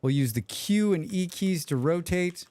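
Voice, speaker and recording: Jokey streamer with a lively, dry voice. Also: male voice, high-pitched, unhurried, dry recording. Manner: joking, rambling, hums to himself. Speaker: game streamer. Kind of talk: casual livestream chat.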